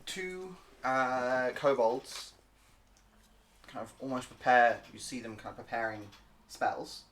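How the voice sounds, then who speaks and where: A man narrating as game master of a tabletop game, halting and full of filler words. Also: mid-range voice, fairly bright tone, a little hiss or hum. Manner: halting, full of ums and uhs.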